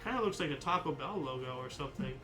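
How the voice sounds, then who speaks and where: A man's voice: fairly high pitch, lively intonation, quick pace, music in the background, rough recording. A man hosting a daily history livestream in casual chat. He reads out dates and adds rambling, joking asides with mild swearing. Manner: punches out each year before the entry. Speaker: host of a daily history stream.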